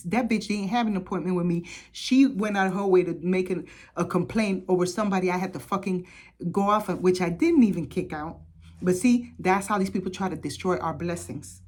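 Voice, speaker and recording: Woman from the Caribbean, slightly low voice, profane, blunt storytelling vlog rant. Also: a little mellow. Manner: blunt and profane, with frequent laughs. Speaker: spiritual vlogger.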